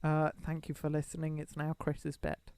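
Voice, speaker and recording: A man co-hosting a podcast in casual chat, quick with a dry tease. His voice sits fairly high for a man and has a gravelly, fry-laced grain. The sound is close and dry. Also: monotone, darkish tone, no room sound. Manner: dry, teasing. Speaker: podcast co-host.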